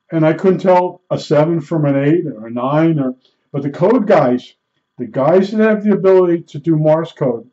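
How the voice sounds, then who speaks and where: A man's voice: a little high, mellow. A man telling stories in a casual monologue, rambling and folksy, with lots of fillers and restarts. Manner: imitates beeps with his mouth. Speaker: storyteller. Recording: dull lo-fi recording.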